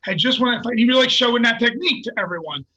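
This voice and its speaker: This man talks high in his register with a bright, somewhat husky tone. He is a jiu-jitsu coach chatting on a podcast, telling stories with animated, profane energy. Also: racing, low-quality recording. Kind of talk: casual podcast chat.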